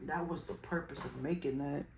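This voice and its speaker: A woman's voice: low voice, fairly quick, background noise. A woman chatting casually while decorating her planner, laughing at herself with self-deprecating humor. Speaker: planner vlogger.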